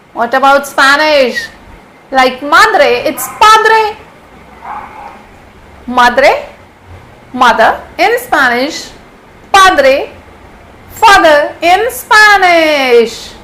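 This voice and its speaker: Slow, high-voiced woman teacher. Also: lively intonation, sharp tone, low-quality recording. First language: Hindi. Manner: patient, repeats each word slowly several times. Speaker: language teacher. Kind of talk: vocabulary lesson.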